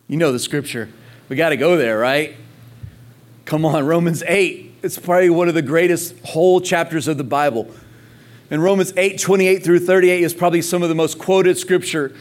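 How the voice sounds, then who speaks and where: A man preaching from the pulpit in a notably high voice, full of conviction. He stacks repeated phrases for emphasis and keeps calling on the congregation to say the words with him. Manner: passionate, calls on the congregation to respond; emphatic repetition. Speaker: pastor. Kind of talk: sermon.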